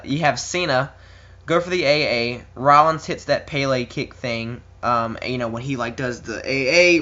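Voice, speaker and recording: Rambling young man, bright lo-fi voice. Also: medium pitch. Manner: rambling, many ums and uhs, chuckling asides. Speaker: wrestling predictions vlogger. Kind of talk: casual solo commentary.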